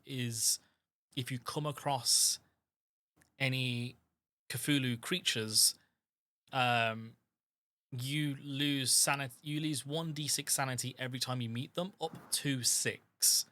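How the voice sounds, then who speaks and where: Bright-voiced man explaining game rules. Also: medium pitch, takes it slowly, no echo. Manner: hesitant, lots of ums. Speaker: game master.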